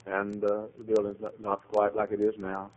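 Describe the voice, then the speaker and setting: A man preaching a sermon, rambling through anecdotes and building to loud exhortation. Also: lowish voice, completely flat delivery, moderate pace, low-quality recording. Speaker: pastor.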